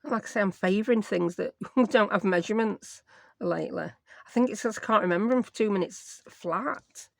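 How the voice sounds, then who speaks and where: On a dry recording, a woman with a Yorkshire accent talks a little fast in a medium-pitched voice with vocal fry. She's a craft vlogger from Yorkshire, England, casually chatting through a desk tutorial, self-deprecating and sprinkling in dialect words.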